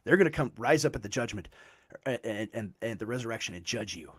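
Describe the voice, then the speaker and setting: A man leads a casual theological conversation. His pitch rises and falls freely as he builds each point, and he keeps checking in with a quick "right?". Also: breathy edge. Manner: animated, explains with frequent "right?" checks.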